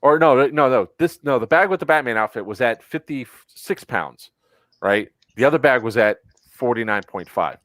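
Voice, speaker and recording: A man hosting a casual podcast chat, telling a long story in an animated, exasperated and profane way. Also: medium pitch, normal speed, no echo. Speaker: podcast host.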